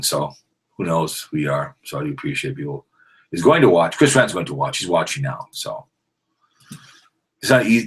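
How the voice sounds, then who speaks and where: A man hosting a live-streamed sports podcast, rambling casually and breaking into loud, excited trash talk. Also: a bass voice, husky. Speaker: podcast host.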